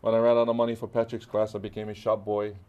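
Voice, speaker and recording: A man's voice: on the low side, completely flat delivery, fast talker, warm tone, clear, resonant tone, muffled recording. A middle-aged man from Hawaii with a Hawaiian accent, animatedly telling stories in a casual interview and acting out the dialogue. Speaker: guest artist.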